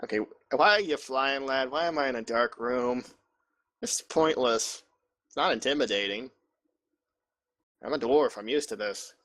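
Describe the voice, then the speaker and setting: Gruff sarcastic male dwarf, played by a man, defiant and grumbling. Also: mid-range voice, normal speed, pauses often, a bit bright, close to an everyday voice. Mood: defiant sarcasm.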